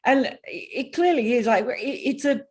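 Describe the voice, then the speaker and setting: A woman guest on a casual cricket chat, giving animated, exasperated opinions. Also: a little high, normal speed.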